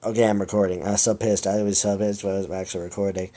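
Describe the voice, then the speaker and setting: A man's voice: fairly low pitch, level tone, very fast, dark tone. A young man doing a comedic fanfic reading, exasperated, swearing and laughing at the text. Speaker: fanfic reader.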